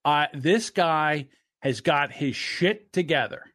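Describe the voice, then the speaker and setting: A man co-hosting a podcast, ranting in a casual, profane and animated way. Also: on the high side, slow pace, no room sound, clean studio sound. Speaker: podcast co-host. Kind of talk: casual political podcast chat.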